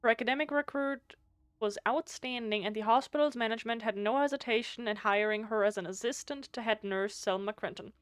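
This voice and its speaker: Woman, German native speaker, live game streamer, a bit high-pitched, reads aloud and chats, trips over words. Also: a little fast, clear, resonant tone, dry recording, studio quality. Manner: stumbles over words and restarts often; chatty, thinks out loud.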